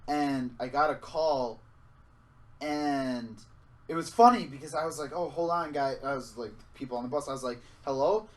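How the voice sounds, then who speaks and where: A young podcast co-host tells stories in casual chat, animated and swearing freely. He speaks at normal speed in a mid-range voice.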